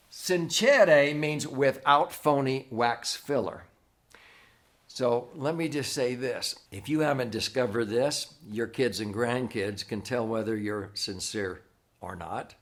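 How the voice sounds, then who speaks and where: A man's voice: mid-range voice, takes it slowly, fairly bright tone. A male host giving a conversational teaching monologue, often checking in with "okay?". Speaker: host, financial educator.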